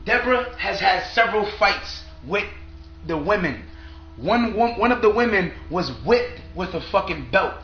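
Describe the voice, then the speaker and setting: A man's voice: high-pitched, lively intonation, normal speed, a little hiss or hum. A man talking straight to viewers in a rambling monologue, agitated and profane, in long run-on stretches. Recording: echoey room, dull lo-fi sound.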